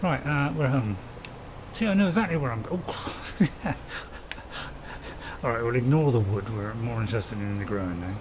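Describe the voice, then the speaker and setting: A man's voice: medium pitch, normal speed, pauses often, background noise. A man hosting a casual game let's-play, chatting with viewers in a rambling, apologetic way with frequent chuckles. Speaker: gaming channel host.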